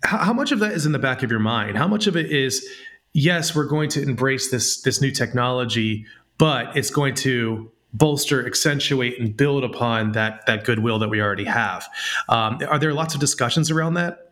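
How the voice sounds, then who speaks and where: Man, southern US accent, bright tone, chatty host, fillers and laughter. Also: medium pitch, moderate pace. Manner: rambling, laughs often, many fillers. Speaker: podcast host. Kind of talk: casual interview chat.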